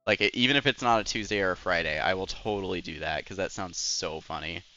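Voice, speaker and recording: A man's voice: sits low, quick pace, pushed and bright, muffled recording. A young man who is a Twitch streamer, rambling in casual chat while gaming and filling his talk with "like" and "anyways.". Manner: rambling and chatty, full of "like" and "anyways".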